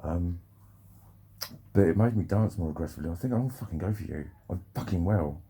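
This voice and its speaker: A man's voice: low-pitched, animated, fairly quick, warm tone, breathy edge. A man rambling and swearing freely through a casual vlog monologue, often breaking off and restarting his sentences. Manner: rambling, sweary, self-interrupting. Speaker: vlogger.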